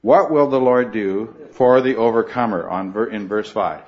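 A man's voice: lowish voice, normal speed. Earnest man teaching a Bible class. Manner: earnest, questioning the class, frequent restarts. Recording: muffled lo-fi recording.

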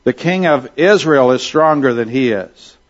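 A man's voice: mid-range voice, animated, a little slow, muffled recording. A man teaching a Bible class, explaining passages verse by verse and often checking in with his listeners. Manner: explanatory, checks in with "all right?".

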